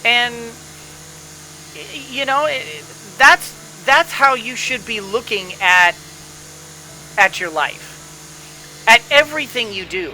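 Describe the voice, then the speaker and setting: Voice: mid-range voice, expressive, slow, long pauses, bright, forceful tone, a little hiss or hum, rough recording. A gameplay commentator giving a rambling motivational pep talk in casual let's-play style, with frequent restarts and repeated words.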